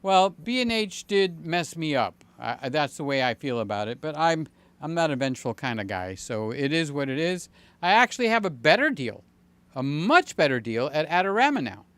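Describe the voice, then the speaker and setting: A man in his late sixties hosting a casual livestream, chatting in a rambling, jokey way with many fillers and sudden excited jumps. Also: on the high side, normal speed, clear, resonant tone, no room sound. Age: 60s. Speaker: channel host.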